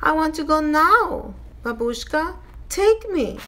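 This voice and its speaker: Woman doing a high whiny little girl, pleading, slow. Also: sing-song, bright, forceful tone, full character voice.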